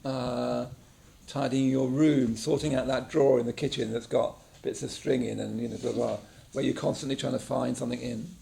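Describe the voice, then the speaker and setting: A man's voice: medium pitch, fairly even intonation, moderate pace, gravelly, few pauses, dark tone, slight background noise. A man teaching a mindfulness class in a casual, conversational way, often checking in with the group. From England. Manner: conversational, checks in with frequent "yeah?". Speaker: meditation teacher. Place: meditation class room.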